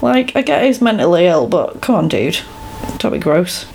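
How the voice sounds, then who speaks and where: A woman's voice: fairly low pitch, big pitch swings, normal speed, vocal fry, a little mellow, a little hiss or hum. Chatty woman recapping a film. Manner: chatty, laughs often, quotes film lines in character. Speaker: podcast co-host. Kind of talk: casual chat recapping a film.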